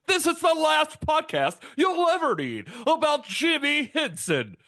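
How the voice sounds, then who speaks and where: A goofy puppet-style showman, voiced by a man with a lisp, pitched up high and bouncing through his lines. The pitch swings widely. It is a cartoonish, cheery voice. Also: huge pitch swings, measured pace, bright, forceful tone, heavily acted. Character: lisping goofy puppet-style male character.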